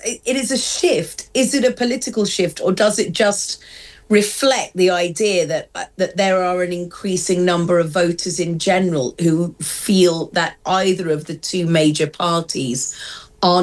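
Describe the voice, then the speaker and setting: A woman's voice: lowish voice, measured pace. A woman co-presenting a radio news discussion, thinking aloud in questions. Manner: thoughtful, questioning.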